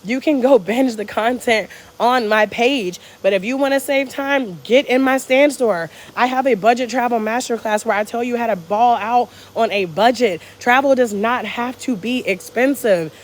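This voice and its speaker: Brief: American woman, energetic and foul-mouthed, motivational live-stream host. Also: fairly high pitch, moderate pace, few pauses. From United States. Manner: energetic, profane, preachy, reads viewer comments aloud. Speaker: travel vlogger. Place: hotel room abroad.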